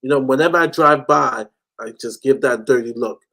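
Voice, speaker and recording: A man's voice: medium pitch, moderate pace, gravelly, a bit bright. A man from the United States ranting animatedly as a football fan panelist. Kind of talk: casual fan chat.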